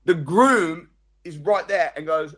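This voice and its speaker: A man, giving a motivational seminar talk as a training speaker, telling stories with sudden loud jumps and quiet drops. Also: fairly high pitch, takes it slowly.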